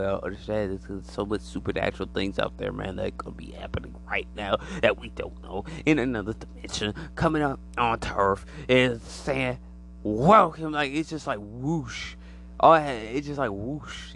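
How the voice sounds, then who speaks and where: A man giving a rambling, animated conspiracy monologue to the camera, acting out imagined voices as he goes. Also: mid-range voice, vocal fry, a little hiss or hum.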